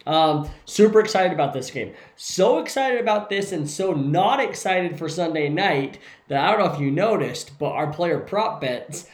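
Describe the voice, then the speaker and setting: A man co-hosting a casual sports podcast, relaxed and thinking aloud with lots of hesitations as he weighs his picks. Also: fairly high pitch, measured pace. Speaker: podcast co-host making game picks. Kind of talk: casual sports-betting chat. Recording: echoey room.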